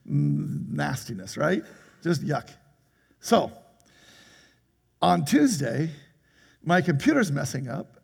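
An older man preaching a sermon to his congregation, telling a story in an animated way and laughing as he goes. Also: a little high, vocal fry, slightly rough. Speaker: pastor. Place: church hall.

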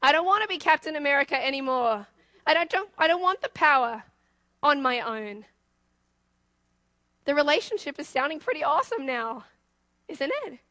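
Aussie woman giving a sermon, high pitched, keeps asking the crowd stuff, dry close mic. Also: moderate pace, long pauses, no echo. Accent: Australian. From Australia. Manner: lively, talks directly to the congregation with questions. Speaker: preacher.

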